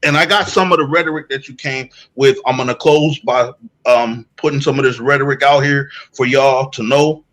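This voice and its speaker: A man's voice: mid-range voice, fairly even intonation, normal speed, fairly bright tone, rough recording. A man giving a heated commentary rant, emphatic and preachy, firing off rhetorical questions. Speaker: online commentator.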